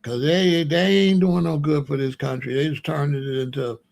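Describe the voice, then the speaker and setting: A man's voice: fairly high pitch, steady tone, normal speed, gravelly, darkish tone. A man delivering heated, confrontational stream commentary in blunt street slang.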